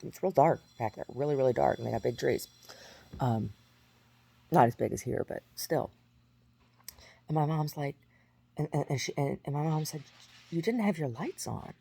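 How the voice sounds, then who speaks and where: A woman in her forties tells a long personal story in a casual, rambling way, circling back and restarting often. Her voice is gravelly with a husky edge and a warm, mellow tone. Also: very deep voice, moderate pace, pauses often. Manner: rambling, many restarts and fillers. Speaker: vlogger.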